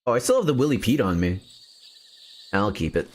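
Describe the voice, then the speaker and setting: Male streamer, slow, playful, low and animated. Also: slight background noise. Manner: playful, joking, chats to viewers. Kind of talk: casual gameplay commentary.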